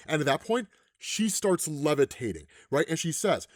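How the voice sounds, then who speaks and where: A man's voice: fairly high pitch, very animated, moderate pace, few pauses, no room sound, clean studio sound. A man in his forties who recaps a comic in casual commentary, chatting and often tossing in "right?" asides. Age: 40s. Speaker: comics explainer host.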